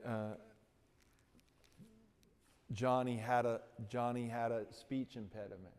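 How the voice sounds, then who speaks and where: A man preaching, telling a story with frequent repeated words and halting restarts. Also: mid-range voice, flat delivery, darkish tone, smooth. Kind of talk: sermon storytelling. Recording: long hall reverb.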